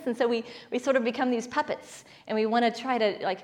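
A woman's voice: on the high side, a little fast, darkish tone. A woman leading a spiritual talk with a congregation, telling stories playfully and laughing often. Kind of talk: spiritual talk with call-and-response.

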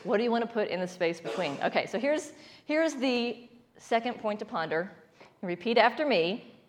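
A woman with a somewhat high voice leads a spiritual talk. She tells stories playfully and laughs often as she speaks. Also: expressive, normal speed. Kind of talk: spiritual talk with call-and-response.

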